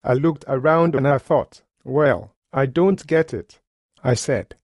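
A man's voice: mid-range voice, takes it slowly, dry recording, studio quality. A man telling a story in a folksy sermon, speaking in plain, homespun grammar. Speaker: preacher.

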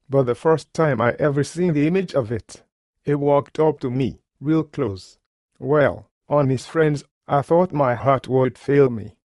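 A man's voice: fairly high pitch, darkish tone, no room sound, studio quality. A man preaching, telling a personal testimony in an earnest, plain-spoken way with colloquial grammar. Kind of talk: sermon testimony storytelling.

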